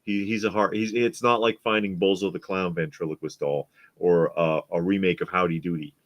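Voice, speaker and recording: A man's voice: low voice, brisk, dull audio. A middle-aged man co-hosting a casual live stream, chatting and telling stories animatedly, acting out quotes as he goes. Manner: animated storyteller, acts out quotes. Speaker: co-host.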